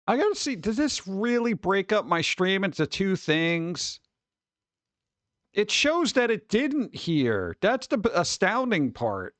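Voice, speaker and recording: A man's voice: sits high, fairly bright tone, no echo. Rambling, exasperated male streamer. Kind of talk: casual live-stream chat.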